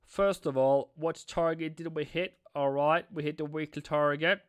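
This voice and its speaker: A man's voice: a little high, steady tone, normal speed, smooth, no echo. A man giving live market analysis on a stream, chatty, repeating himself and answering viewers. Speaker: forex trading streamer.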